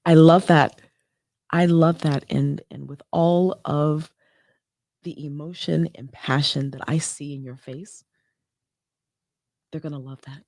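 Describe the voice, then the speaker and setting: A woman's voice: low-pitched, fairly even intonation, takes it slowly, long pauses, a little mellow, no room sound, studio quality. A woman hosting a podcast interview, affirming her guest with frequent "yes" and "I love that". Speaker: podcast host. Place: podcast studio.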